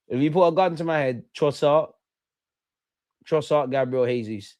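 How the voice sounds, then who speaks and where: A man's voice: on the high side, moderate pace, a little mellow. A man hosting a live football watch-along stream, chatting loosely and bantering with his viewers in slangy speech.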